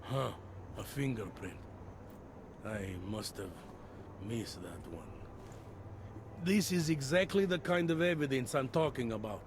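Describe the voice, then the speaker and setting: An actor playing a world-weary middle-aged police detective in a video game, dry and matter-of-fact. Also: male voice, medium pitch, noisy background, close to an everyday voice.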